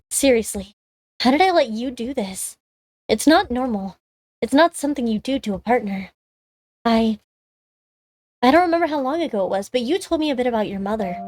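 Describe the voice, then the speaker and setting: A woman streamer with a slightly high, darkish voice reads a visual novel aloud and comments on it, chatting with lots of casual fillers. The recording is dry.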